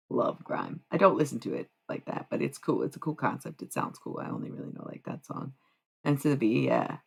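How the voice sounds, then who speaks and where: A woman streaming live, chatting casually and profanely with her viewers, rambling between quiet musing and loud bursts. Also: a bass voice, lively intonation, a little fast, gravelly, husky. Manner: rambling, profane, talks to chat.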